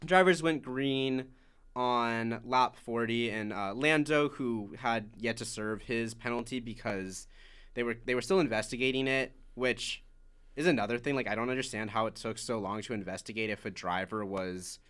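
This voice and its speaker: A man's voice: on the low side, moderate pace, a bit bright. A man co-hosting a podcast, casually recapping a motor race lap by lap with lots of "like" fillers. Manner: chatty, many "like" fillers, recapping laps. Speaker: podcast co-host.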